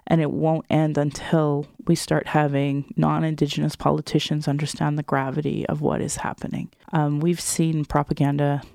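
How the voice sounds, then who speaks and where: A woman's voice: low voice, level tone, moderate pace, vocal fry, hardly any pauses, warm tone, no room sound, clean studio sound. A woman activist speaking as an interview guest, earnest and direct.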